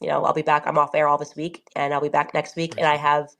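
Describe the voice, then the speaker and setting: Low-voiced woman signing off casually. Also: monotone, fast talker, fairly bright tone. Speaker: commentator on a played clip. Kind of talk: casual sign-off to listeners.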